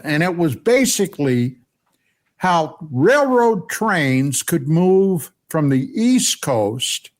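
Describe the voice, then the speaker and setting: An older man from Pennsylvania telling a personal story on a radio show, animated and often asking "okay?". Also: fairly high pitch. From Pennsylvania, USA.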